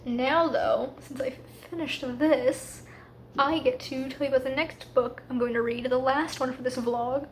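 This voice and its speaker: A woman talking casually in a reading vlog, chatty and a little rushed, with lots of fillers. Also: high-pitched, fairly even intonation, a little hiss or hum. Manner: quick, slightly rushed asides. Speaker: book vlogger.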